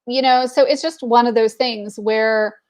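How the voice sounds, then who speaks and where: A woman's voice: a little high, fairly even intonation, unhurried, darkish tone. A woman in her forties telling a candid personal story in casual talk, with plenty of fillers. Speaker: entrepreneur network speaker.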